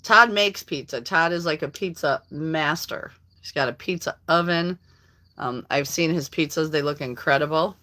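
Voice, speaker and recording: A woman's voice: deep voice, moderate pace, bright, forceful tone. A middle-aged woman hosting a casual live stream, chatting with viewers by name and laughing often. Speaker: livestream host reading viewer comments.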